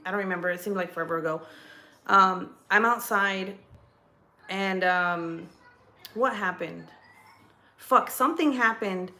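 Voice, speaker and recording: A woman vlogger telling a gossipy story from home, casual and rambling, swearing often and restarting her sentences. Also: medium pitch. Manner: profane, rambling, animated storytelling.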